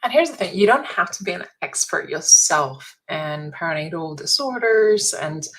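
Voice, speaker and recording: A woman's voice: on the low side, lively intonation, normal speed, fairly bright tone, low-quality recording. A woman hosting an interview, reflective and thoughtful, setting up topics and leading into questions for her guest. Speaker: interview host. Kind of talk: interview conversation.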